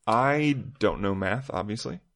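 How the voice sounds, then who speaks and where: A young man co-hosting a podcast, teasing and telling deadpan jokes in casual chat. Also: fairly low pitch, a little slow. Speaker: podcast co-host.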